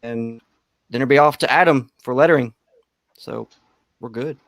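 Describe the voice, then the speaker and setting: A man talks in a relaxed way as a guest on a casual livestream. His voice sounds dry and close, with no room echo. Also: medium pitch, moderate pace. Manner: relaxed, on a delay. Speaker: comic creator guest.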